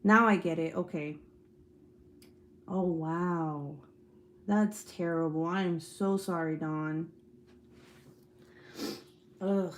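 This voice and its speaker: Reading out viewer comments on her casual livestream, a young American woman swears freely and laughs often as she chats. She speaks slowly with a fairly low, steady voice and frequent pauses, over slight background noise.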